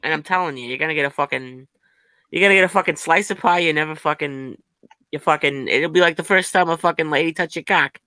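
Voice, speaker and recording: A man's voice: on the high side, fast, pushed and bright, dry recording, voice pushed down, poor audio. A man putting on a Boston accent to play a crude, foul-mouthed Boston tough guy in a rambling improvised comedy bit. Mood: boasting. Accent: put-on Boston. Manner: rambling, swearing in nearly every phrase. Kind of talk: improvised comedy bit on a live web show.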